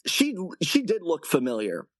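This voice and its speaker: Caller, 20s man, rambling and halting story, dry close sound. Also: fairly high pitch, huge pitch swings, no room sound. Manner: rambling, halting, with many restarts. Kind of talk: casual call-in storytelling.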